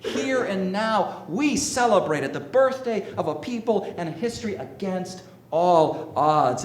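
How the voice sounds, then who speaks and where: Slow, emphatic male preacher. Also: a little high, roomy sound. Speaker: minister. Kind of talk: sermon. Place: sanctuary with congregation.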